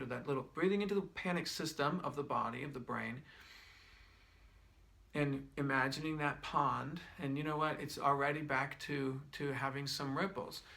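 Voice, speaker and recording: Middle-aged guy walking you thru a breathing exercise, gravelly voice, kinda teary, keeps restarting sentences. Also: on the high side. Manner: gentle, repetitive, thinking aloud with many restarts. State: tearing up. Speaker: wellness instructor. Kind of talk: guided breathing demonstration.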